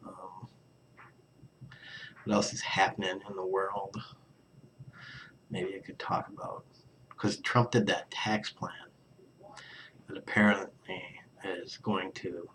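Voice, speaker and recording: A man's voice: deep voice, little pitch movement, takes it slowly, pauses often, fairly bright tone, slight background noise. A young man rambling casually to camera in a vlog, often trailing off into near-whispers and sighing. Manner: mumbling, trailing off into near-whispers, sighs and laughs. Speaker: vlogger.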